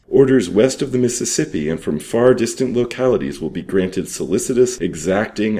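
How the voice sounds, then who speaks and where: A man reading aloud an old adventure story and period advertisements in a steady, measured way. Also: sits low. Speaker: reader.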